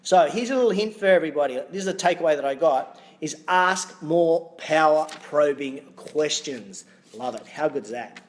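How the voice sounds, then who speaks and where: An Australian man speaks straight to camera as host of his own show, full of upbeat drive and quick motivational punchlines. His voice sits a touch higher than most men's. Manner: upbeat, energetic motivational talk with punchy asides. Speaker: fitness business coach and show host. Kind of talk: solo video podcast, direct to camera.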